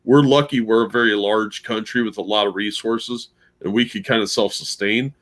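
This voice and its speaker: A man's voice: lowish voice, fairly even intonation, moderate pace, a bit bright. A man co-hosting a livestream chat, talking in a laid-back, joking way. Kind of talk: casual chat.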